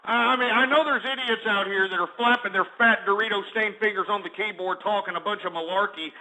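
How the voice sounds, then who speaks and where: A man hosts a comedic call-in show with a high, piercingly bright voice. He talks in brash, mocking, boastful shock-jock patter and teases his callers relentlessly. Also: steady tone, a little fast, poor audio. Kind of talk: comedic call-in radio parody.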